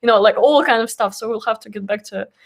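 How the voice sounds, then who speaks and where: A woman co-hosting a podcast, asking questions haltingly and rephrasing them as she goes. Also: a little high, creaky. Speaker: podcast co-host. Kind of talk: podcast interview.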